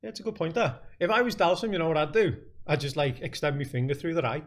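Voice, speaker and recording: A man's voice: on the high side, expressive, fast talker. A man, a comedian guest chatting casually and playfully, telling stories. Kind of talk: casual chat.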